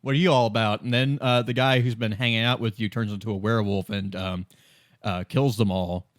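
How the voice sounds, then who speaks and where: A man's voice: on the low side, steady tone, moderate pace, no room sound. A man in his thirties talks through a game in easy podcast chat, his voice dry and close with no room around it. He is wry and sarcastic and breaks into laughter often. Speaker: podcast co-host. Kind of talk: casual chat.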